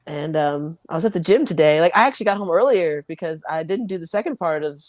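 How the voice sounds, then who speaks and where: Young woman guest, chatty and laughing, lower pitch with lively swings, dry sound. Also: fast, no echo. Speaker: MMA fighter, guest. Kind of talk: casual interview.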